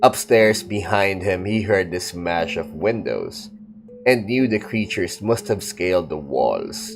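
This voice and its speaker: A man narrating a fantasy audiobook in a steady, dramatic storytelling style. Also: low-pitched, slow pace, soft background music. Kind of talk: audiobook reading of fantasy fiction.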